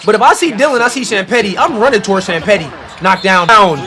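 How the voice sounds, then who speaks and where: A young man reacting live to a basketball game, animated, with loud outbursts and slangy trash talk. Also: high voice, fast talker, few pauses.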